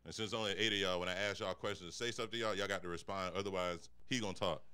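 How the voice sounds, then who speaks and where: A man's voice: sits low, fairly even intonation, rapid-fire, sharp tone. A young adult man doing a stand-up comedy set, telling stories with lots of profanity and talking straight to the audience. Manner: profane, conversational storytelling; addresses the audience directly.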